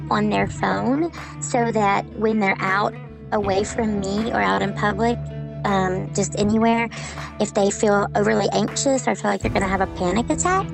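A woman from Memphis, Tennessee with a Southern accent, a social worker telling stories in a remote interview, lively and laughing often. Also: mid-range voice, vocal fry, poor audio. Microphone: online call.

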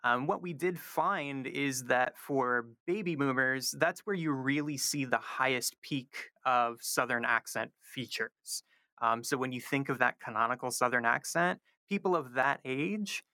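Male professor guest, bright clear voice, dry close mic, measured explaining with ums. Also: mid-range voice, no room sound. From North Carolina. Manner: frequent ums, careful explaining. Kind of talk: explanatory interview answers.

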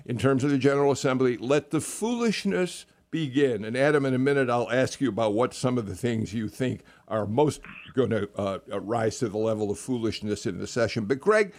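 A man's voice: mid-range voice, no room sound. Plain-voiced male radio talk host. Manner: halting, many fillers, wry. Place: radio studio.

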